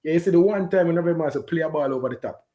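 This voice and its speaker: A man with a Jamaican accent giving an animated, patois-heavy post-match reaction on a football game. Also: fairly high pitch, racing. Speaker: football fan pundit.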